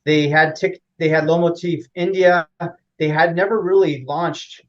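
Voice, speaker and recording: A man's voice: a little high, fairly even intonation, a little slow. Man explaining with many fillers, dull sound. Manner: rambling, many fillers and restarts. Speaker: interview guest. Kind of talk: casual explanatory interview.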